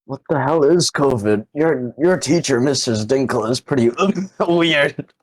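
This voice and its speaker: A man's voice: medium pitch, lively intonation, unhurried, poor audio. A sick young man co-hosting a comedy podcast, bantering and swearing casually. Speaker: podcast co-host. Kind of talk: goofy comedic podcast chat.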